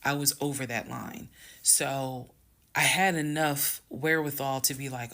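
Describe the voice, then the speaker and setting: Woman, gravelly voice, casual storytime, emphatic, bursts of speed. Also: a bass voice, steady tone. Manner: emphatic, swings loud and fast when heated; addresses viewers as "y'all". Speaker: storyteller recounting her marriage.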